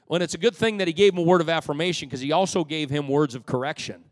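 A man's voice: on the high side, quick pace. Preaching man in a reverberant church. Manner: animated preaching that builds to loud, fervent peaks; humorous asides to the congregation. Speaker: pastor. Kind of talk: sermon. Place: church sanctuary. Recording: long reverb of a church hall.

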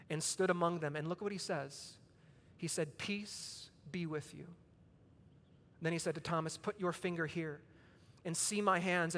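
A man's voice: sits high, sharp tone. A man in his thirties preaching a sermon, telling a casual story between emphatic points. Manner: conversational storytelling preacher, rising to emphatic peaks. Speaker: pastor. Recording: long reverb of a large hall.

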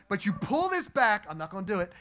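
A man preaching a sermon to a congregation, animated and joking as he speaks to them directly. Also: high voice, fairly quick. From New Jersey. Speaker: pastor. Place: church sanctuary.

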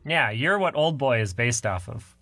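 A man's voice: mid-range voice, sing-song, moderate pace, sharp tone, dry recording, clean studio sound. A man co-hosting a podcast, bantering casually and laughing often. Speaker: podcast co-host. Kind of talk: casual chat.

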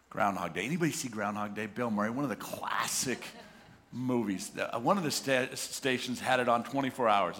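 A middle-aged man preaching a sermon, animated, acting out the voices of people talking to God. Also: fairly low pitch, slight background noise. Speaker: pastor. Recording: reverberant hall.

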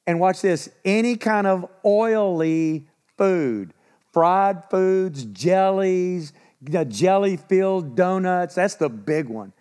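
A man preaching a sermon in a folksy, animated storytelling way with asides and acted quotes. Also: sits high, slow, clear, resonant tone. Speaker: pastor. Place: church in Texas.

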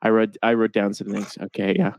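A man's voice: fairly low pitch, little pitch movement, fairly quick, a little mellow, dry recording. A young man co-hosting a podcast, chatting casually with a dry, joking manner. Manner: dry, joking, puts on goofy voices. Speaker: podcast co-host. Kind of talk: casual comedic chat.

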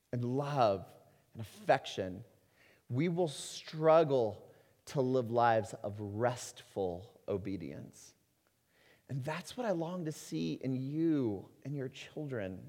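A man preaching a sermon as a pastor, earnest, rising to loud emphasis and dropping to slow, quiet stretches. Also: mid-range voice, expressive. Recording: long hall reverb.

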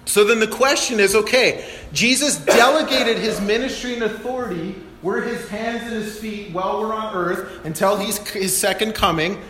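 A man with a notably high voice preaches a lively sermon, acting out the Bible's speakers with energy and laughing at himself. His voice rings through a large hall with long reverb and a roomy echo. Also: normal speed. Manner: animated, acts out Bible quotes, laughs at himself. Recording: echoey hall.

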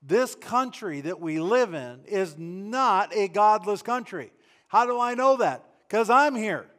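A male preacher with a fairly high-pitched voice delivers a sermon. His delivery is fervent and emphatic. He stumbles into restarts and repeats himself as he presses each point. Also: expressive, slow pace, fairly bright tone.

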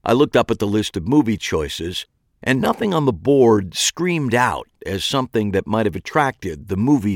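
A man's voice: on the low side, no echo. A man narrating a first-person story in a dry, wry way.

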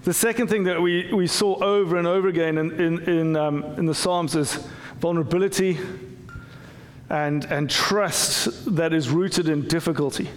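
A man's voice: on the high side, fairly even intonation, moderate pace, long reverb tail, a little hiss or hum. A man preaching a conversational sermon as pastor, with frequent restarts and repeated words. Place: church.

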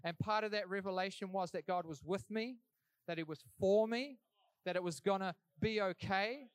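Young aussie guy telling his story at church, higher voice, smooth and clean, real earnest. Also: moderate pace, dry recording. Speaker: church speaker giving testimony. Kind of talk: sermon testimony.

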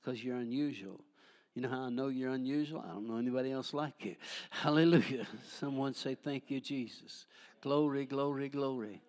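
A man's voice: medium pitch, normal speed, a little mellow. An older man preaching a charismatic sermon, fervent and folksy, breaking into frequent hallelujahs and jokes.

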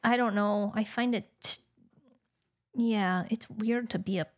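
A woman's voice: medium pitch, fairly even intonation, slow. A woman from Utah co-hosting a podcast, musing and searching for her words in casual chat. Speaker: podcast co-host.

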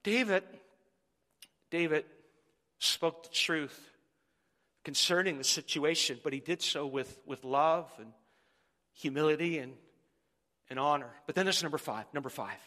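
A middle-aged man preaching a sermon as pastor, animated and joking with the congregation. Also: on the high side, unhurried, pauses often, long reverb tail.

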